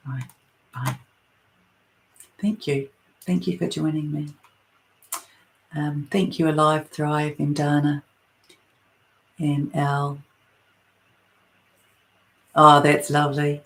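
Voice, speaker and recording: A woman from New Zealand with a New Zealand accent, giving a spiritual talk on a livestream in a soft, meandering way, with many pauses. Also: low-pitched, little pitch movement, slight background noise. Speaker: spiritual channeler. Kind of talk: live-streamed spiritual talk.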